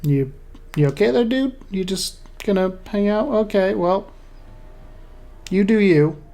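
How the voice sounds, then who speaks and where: Let's play host, loose chatty commentary, mid-pitched voice. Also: lively intonation, measured pace, dark tone. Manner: chatty, talks to self and the game. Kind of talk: casual gameplay commentary.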